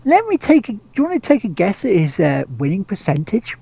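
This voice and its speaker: Gravelly man rambling on a podcast. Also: high voice, wildly swooping pitch, a little fast, warm tone, no echo, lo-fi sound. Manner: rambling, full of restarts and swearing, laughs often. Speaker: podcast host. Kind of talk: casual chat.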